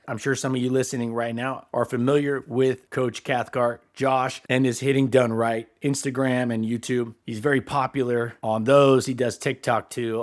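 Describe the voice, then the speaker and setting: A man in his forties hosting a baseball coaching podcast, talking in an enthusiastic, conversational way. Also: medium pitch. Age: 40s. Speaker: podcast host. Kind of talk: casual podcast talk.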